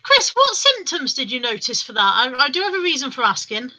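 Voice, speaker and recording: A woman's voice: high voice, sing-song, brisk, sharp tone, poor audio. A woman co-hosting a live stream, chatting casually and joking at her own expense on a home video call. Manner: chatty, self-mocking and jokey. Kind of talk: casual chat.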